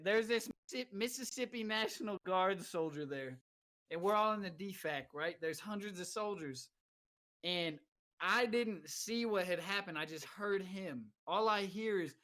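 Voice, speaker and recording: A military veteran on a gaming podcast, telling stories in an animated way. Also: medium pitch, a little slow. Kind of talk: casual storytelling.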